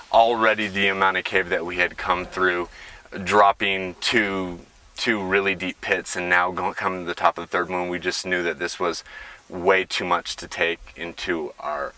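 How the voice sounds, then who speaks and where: Deep, flat-voiced man heard from afar. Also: moderate pace. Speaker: caver interviewee. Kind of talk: documentary interview. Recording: distant mic, dry.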